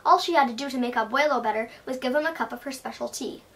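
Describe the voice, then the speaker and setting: A helpful young farm boy, eager and open, read by a woman telling a storybook. His voice is high and keen, heard from a little way off. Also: quick pace, a bit bright. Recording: voice from a distance.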